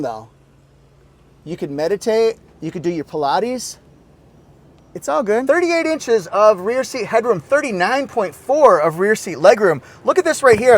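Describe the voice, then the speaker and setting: A man reviewing a car from inside it in a casual, upbeat walkthrough with joking asides. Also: high-pitched.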